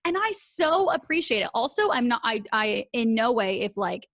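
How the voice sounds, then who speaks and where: Animated woman podcast host, dry sound. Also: a little high, moderate pace, dry recording. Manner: animated, laughing, swears freely. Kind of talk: casual chat.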